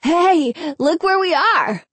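A woman voicing a boastful young boy who talks loudly and sneers, in a storybook reading. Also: high-pitched, animated, takes it slowly, dry recording, voice pushed up. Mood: brash. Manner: loud, sneering.

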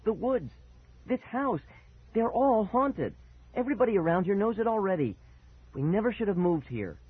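A man's voice: huge pitch swings, normal speed, slightly rough, no room sound, exaggerated voice. Man doing a panicky, pleading young boy. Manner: high, strained, frantic cries. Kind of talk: audiobook character voice. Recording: tinny phone-like sound.

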